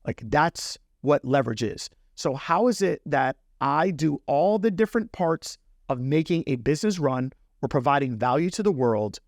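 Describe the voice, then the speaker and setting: A man's voice: medium pitch, a little mellow, dry recording, studio quality. A middle-aged man hosting a business talk, telling a personal story in a casual, conversational way and speaking straight to the listener. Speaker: podcast host.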